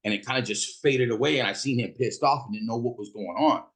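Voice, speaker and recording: A man's voice: medium pitch, fast, a bit bright. A middle-aged man from Fresno, California, telling a personal story in a casual, profane monologue, acting out the voices of the people he quotes.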